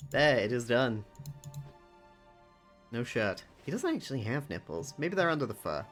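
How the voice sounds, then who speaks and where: A chatty, playful streamer whose pitch swings widely as they talk. They chat casually over a game, with music playing clearly behind them. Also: big pitch swings, normal speed. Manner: playful, chatty, laughs often. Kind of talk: casual chat while gaming. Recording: background music.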